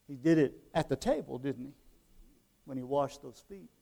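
A man preaching a sermon in a conversational way, tossing rhetorical questions at the congregation and swinging between quiet, drawn-out phrases and loud emphasis. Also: medium pitch, creaky.

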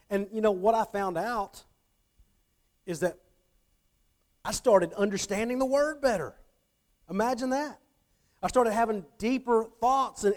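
A middle-aged man with a high voice gives a Bible teaching in a conversational style. He often checks in with his listeners and repeats words when he restarts phrases.

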